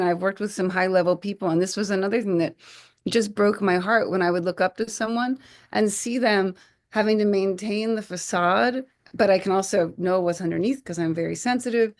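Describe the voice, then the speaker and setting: A woman in her forties, a podcast guest, telling stories in an animated way, acting out quotes and often restarting her phrases. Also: medium pitch. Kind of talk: conversational podcast storytelling.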